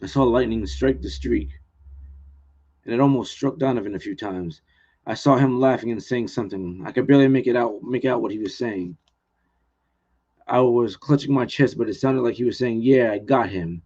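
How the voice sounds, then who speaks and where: A man's voice: mid-range voice, moderate pace, dark tone, husky. Male author, mid-range voice, earnest first-person reading, muffled lo-fi stream sound. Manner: plain, earnest reading with small restarts. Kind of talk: live reading of his own novel.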